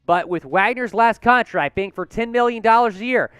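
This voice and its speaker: An excitable male sports host running a live news stream, his voice high and smooth. The sound is dry and close, with almost no room to it. He talks with rising hype and gets winded from all the excitement. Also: normal speed, no room sound. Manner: excitable, hyped, chants and cheers. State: out of breath.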